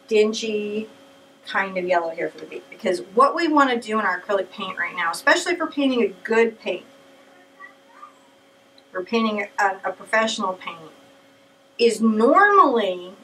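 A woman's voice: medium pitch, a little hiss or hum. Chatty woman teaching painting from a distance. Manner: chatty, animated storytelling with playful asides. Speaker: painting instructor. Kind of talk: paint-along tutorial. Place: home art studio.

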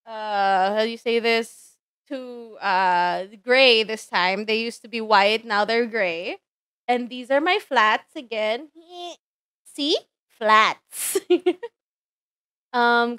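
A woman's voice: on the high side, a bit bright, clean tone, no room sound, studio quality. A young woman streaming as a virtual avatar, chatting casually with viewers in a giggly, teasing and playfully indignant way. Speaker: VTuber streamer. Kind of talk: casual live-stream chat.

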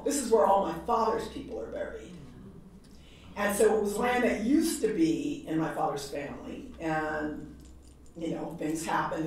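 A woman from New York giving a lecture, telling stories in a lively, humorous way. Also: on the low side, slight background noise. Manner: animated, humorous storytelling with laughs. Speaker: guest lecturer. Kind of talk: storytelling lecture. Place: large lecture hall. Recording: echoey hall, voice from far off.

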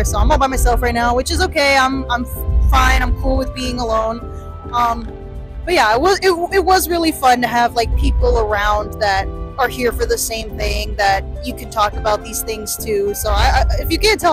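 A woman's voice: on the high side, fairly quick. A young woman chatting in a rambling way to her phone camera in a convention hall, with restarts and small laughs. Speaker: vlogger. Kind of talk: casual convention vlog. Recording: music playing behind the voice.

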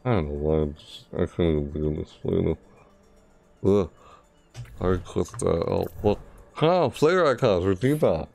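A man's voice: sits low, expressive, normal speed, creaky, darkish tone, faint music behind. A tired man streaming a video game, mumbling and rambling to himself in casual commentary. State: tired, yawning.

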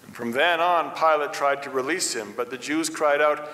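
A male pastor giving a steady, even-paced scripture reading during a church service. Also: on the high side, moderate pace. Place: church sanctuary. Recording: echoey church hall.

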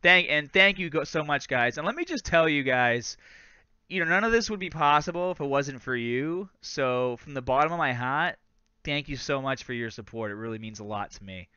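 A man's voice: medium pitch, expressive, moderate pace, sharp tone, clean tone, dry recording, highs cut off. A man in his thirties from Massachusetts with a light Boston accent, hosting a casual live fitness Q&A, chatty and laughing often. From Lawrence, Massachusetts. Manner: chatty, laughs often, says "bro" and "guys". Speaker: fitness host. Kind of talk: live stream Q&A, casual chat.

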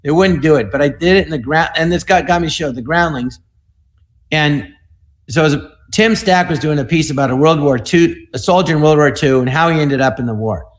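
A man in his sixties telling show-business stories in a rambling, animated way, slipping into voices, heard over a video call. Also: on the high side, brisk. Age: 60s. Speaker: guest comedian. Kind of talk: anecdotal storytelling.

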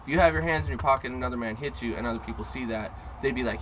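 A man co-hosting a casual podcast, telling a story in a brash, profane, animated way, recorded in a car. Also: medium pitch, very fast, a little hiss or hum, poor audio. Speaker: podcast co-host. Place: inside a car.

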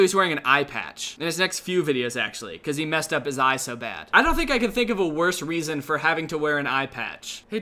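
A young man giving sarcastic reaction commentary on online videos, mostly deadpan and now and then breaking into outbursts. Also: on the high side. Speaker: commentary YouTuber.

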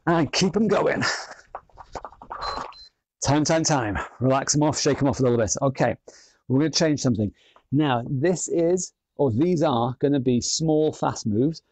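A man's voice: mid-range voice, measured pace, darkish tone, slight background noise. A man leading an online workout class, counting down rounds and encouraging people in an upbeat way. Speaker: fitness instructor.

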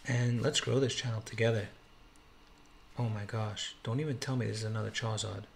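This man's fairly low voice has vocal fry and a steady tone, and he talks a little fast, with a touch of hiss or hum on the audio. In a quiet room at home, he opens trading card packs for his channel, excitedly calling out cards and shouting over a rare pull.

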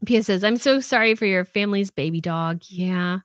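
A woman's voice: mid-range voice, normal speed, dry recording, lo-fi sound. Chatty woman host reading chat. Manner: chatty, rambling, reads viewer comments aloud. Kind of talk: casual livestream chat.

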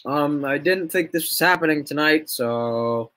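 Young male streamer, casual rambly chat with frequent laughs; bright, slightly high voice. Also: a little slow. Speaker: livestreamer.

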